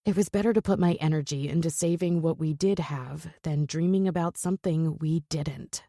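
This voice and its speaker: A woman narrating a romance audiobook in a soft, earnest manner. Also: sits low, moderate pace, no room sound, clean studio sound.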